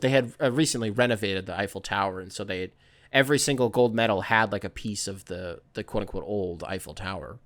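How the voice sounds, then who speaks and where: A man hosting a podcast, chatting loosely and rambling with lots of fillers and the odd swear. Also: on the low side. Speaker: podcast host. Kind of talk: casual chat.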